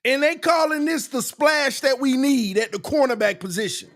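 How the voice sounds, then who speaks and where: A man hosting a casual sports fan livestream, ranting and repeating himself with bursts of laughter and shouting. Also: extremely high pitch, animated, moderate pace, no echo, studio quality. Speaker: sports channel host.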